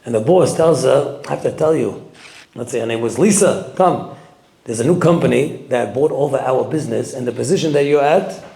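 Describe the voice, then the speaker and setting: Gravelly New rabbi preaching. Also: male voice, mid-range voice, fairly quick, reverberant. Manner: animated, swings between loud emphasis and quiet asides. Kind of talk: sermon with storytelling.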